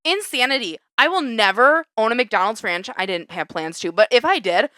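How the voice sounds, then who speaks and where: High, bright-voiced ranting woman. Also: animated, fairly quick, dry recording. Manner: heated ranting, swearing and laughing. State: angry. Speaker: podcast co-host. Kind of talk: casual chat. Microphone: close podcast microphone.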